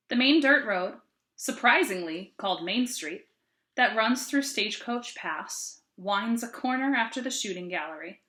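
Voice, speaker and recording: A woman reads a novel aloud for a sixth-grade class, telling it in an expressive, casual way. Her voice is bright and clear. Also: mid-range voice.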